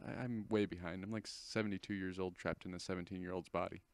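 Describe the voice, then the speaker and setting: This teen guy's voice sits low and holds a steady tone as he talks quickly, with no room sound in the recording. Hosting a casual commentary over screen footage of an install, he chats, rambles and keeps correcting himself.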